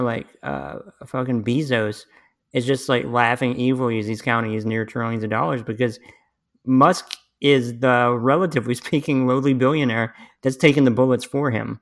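A man hosting a podcast in casual chat, rambling with restarts and swearing freely. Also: mid-range voice. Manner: profane, rambling, frequent restarts. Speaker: podcast host.

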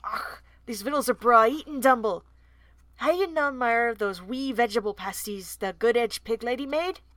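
A woman's voice: a little high, normal speed, a bit bright, no room sound, lightly acted. A woman voicing a wild male eagle king in a Scots-flavoured brogue. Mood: delighted.

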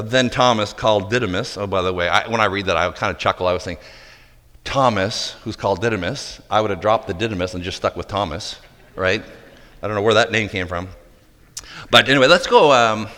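A man preaching a sermon, dramatic, acting out the disciples' disbelief and dropping to quiet intensity. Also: on the low side. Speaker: pastor. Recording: long hall reverb.

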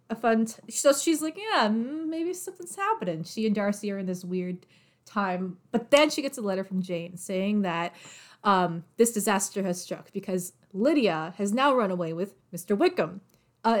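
Chatty young woman retelling a story. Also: medium pitch. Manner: chatty, filler-heavy, acts out characters' lines. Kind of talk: casual chat, retelling a novel's plot.

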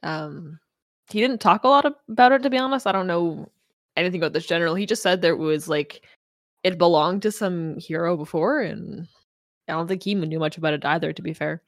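A woman plays a grieving young woman adventurer in a tabletop game who keeps people at arm's length. She speaks haltingly and keeps restarting, in a lowish voice on a dry, close recording. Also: dry recording, natural voice. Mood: hesitant. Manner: hesitant, halting, full of restarts.

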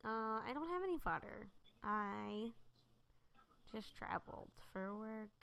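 A woman's voice: mid-range voice, expressive, slow pace, vocal fry, fairly bright tone, a little hiss or hum. A young adult woman co-hosting a podcast, tired and blunt, with dry sarcastic humor. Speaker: podcast co-host. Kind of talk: casual chat.

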